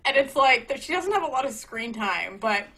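A woman's voice: high-pitched, very animated, normal speed, sharp tone, husky, low-quality recording. A young woman hosting a podcast, chatting casually and animatedly, laughing and swearing as she acts out quotes. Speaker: podcast host. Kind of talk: casual chat.

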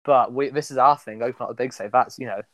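A man's voice: mid-range voice, quick pace, fairly bright tone, no echo. A young man in his twenties co-hosting a podcast, teasing his friend with upbeat banter. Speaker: podcast co-host. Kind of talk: casual chat.

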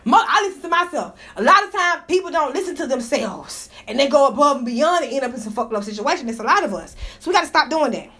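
A woman's voice: high-pitched, animated, fast talker, hardly any pauses, bright, forceful tone. A woman hosting a casual gossip livestream from indoors, talking into her phone, profane and fired up, laughing often. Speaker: livestream host.

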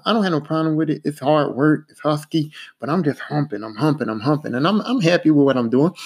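A man hosting a podcast, telling a work story in a casual, profane, repetitive way. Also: medium pitch. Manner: animated, profane, repetitive, acts out quotes in a raised voice.

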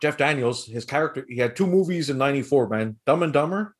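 Laid-back, swearing podcast host. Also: male voice, medium pitch, animated, fast talker, breathy edge. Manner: loose and profane, laughs often. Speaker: podcast host recapping a movie. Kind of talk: casual chat.

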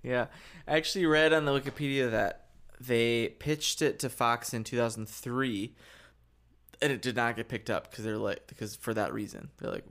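A young man co-hosts a casual podcast chat with a smooth, resonant voice. He is chatty and quick to joke. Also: mid-range voice, fairly even intonation, fairly bright tone. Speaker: podcast co-host.

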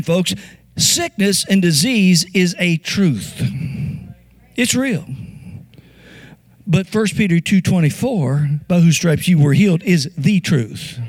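A male pastor delivers a sermon in a rather high voice, building his points through repetition and frequent call-and-response questions. The recording is dry, with little room sound around him. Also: no echo. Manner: call-and-response preaching, repeating phrases, rising emphasis.

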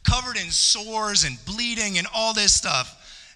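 Bright, impassioned preacher man in reverberant church. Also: high-pitched, expressive, slow pace. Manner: impassioned, rising to emphatic peaks and repeating phrases. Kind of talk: sermon. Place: church sanctuary. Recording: long church hall reverb.

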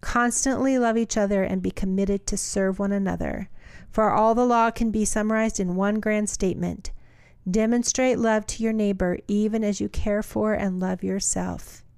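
A woman co-hosting a talk podcast, moving between easy chat and reading scripture aloud. Her voice sits at a middle pitch. The sound is dry and close, with no room echo. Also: steady tone, normal speed, creaky, darkish tone, clear, resonant tone. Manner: reads aloud steadily, laughs easily. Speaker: podcast co-host.

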